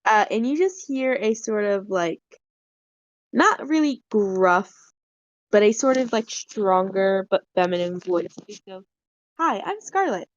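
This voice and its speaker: A woman's voice: medium pitch, measured pace. A woman narrating a tabletop game as game master, with many fillers. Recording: dull, dry call audio.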